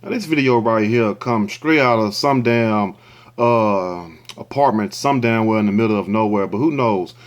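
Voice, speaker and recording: A man's voice: on the low side, moderate pace. A man hosting casual video commentary, talking in a rambling, blunt, folksy way. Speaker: host.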